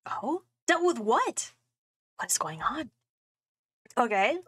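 A woman's voice: a little high, big pitch swings, slow, a bit bright, breathy edge. Chatty young woman streaming a game. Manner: playful, chatty, thinks aloud. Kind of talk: game playthrough commentary.

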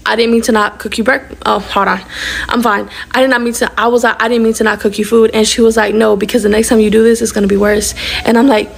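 A young woman recounts a personal storytime in a casual, rapid rush. Her voice sits a little high with a gravelly fry running through it, and she performs the lines of dialogue she quotes. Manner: rapid, animated retelling that acts out quoted dialogue.

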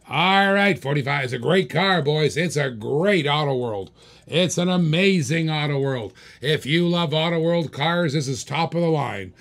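A man runs a live online auction, calling out bids again and again and urging the bidders to raise. His voice sits a little high for a man and has a gravelly, fried edge. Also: fairly bright tone. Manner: rapid repetitive bid calling, hyping bidders. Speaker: auctioneer host.

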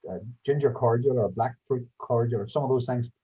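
Male host, husky, far from the mic on a call. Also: mid-range voice, fairly quick, warm tone. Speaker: interviewer. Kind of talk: interview talk. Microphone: video call. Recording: distant husky call audio.

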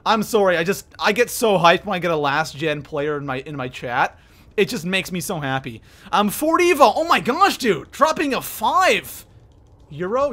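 A man streaming a game live, excitedly thanking viewers by name and reacting to the play. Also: sits high. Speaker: livestreamer. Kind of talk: live gameplay commentary.

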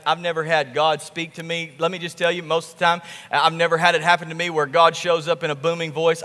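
A male pastor preaching a sermon, telling the story with animated, emphatic repetition. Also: a little high, long reverb tail. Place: church sanctuary.

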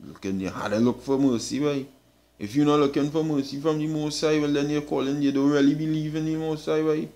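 A man's voice: on the high side, steady tone, brisk, warm tone. A man preaching scripture emphatically, tagging nearly every phrase with "boy" and swearing as he presses his point. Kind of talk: street-style scripture teaching.

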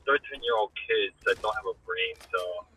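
A young man chats with friends from inside his car, teasing them with profane jokes. His voice is very bright and sits a little low. He sounds hoarse, as if losing his voice, and a faint hiss runs behind him. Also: normal speed, low-quality recording. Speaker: streamer. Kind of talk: casual chat with friends.

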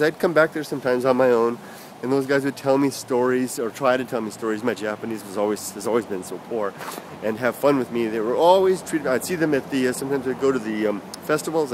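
A middle-aged man with a medium-pitched voice walks down a street outdoors, telling a rambling personal story for his vlog. He's chatty, full of fillers and self-corrections, and background noise is audible.

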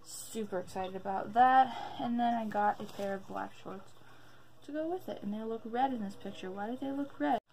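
A slightly high-voiced young woman talks casually to her viewers in a home vlog, upbeat and a little out of breath. A faint hiss of background noise sits under her voice. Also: moderate pace, creaky, a little mellow, poor audio. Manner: chatty, upbeat, addressing viewers directly. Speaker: vlogger.

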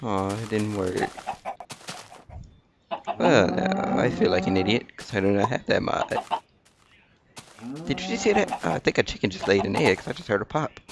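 A young man with a voice that keeps cracking gives casual let's-play commentary. His pitch jumps around a lot as he yells at animals and swears. A steady hiss sits under his laptop mic. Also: moderate pace, vocal fry, pauses often. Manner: excitable, talks to animals, swears often. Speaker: gameplay commentator.

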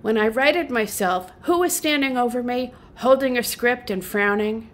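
A middle-aged woman and folk singer, a guest, telling a humorous story in a lively, self-mocking way, often laughing. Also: on the high side, moderate pace, few pauses, slight background noise.

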